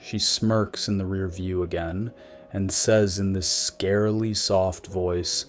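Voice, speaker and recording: Low-voiced man narrating wryly. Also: fairly even intonation, slow pace. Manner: wry, matter-of-fact storytelling. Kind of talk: scripted narration of a creepy story.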